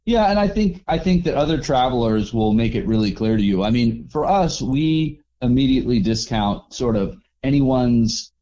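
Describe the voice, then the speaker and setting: A man telling travel stories in a relaxed, rambling way as an interview guest, acting out the people he met. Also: mid-range voice. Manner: relaxed, rambling with restarts and acted-out quotes. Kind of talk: casual storytelling interview.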